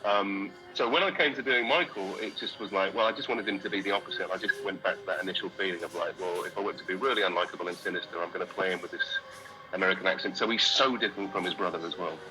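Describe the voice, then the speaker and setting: A man's voice: sits low, quick pace, bright, forceful tone, faint music behind, rough recording. A man with a British accent, an actor talking casually in an interview, self-deprecating and laughing often. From Britain. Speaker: actor guest.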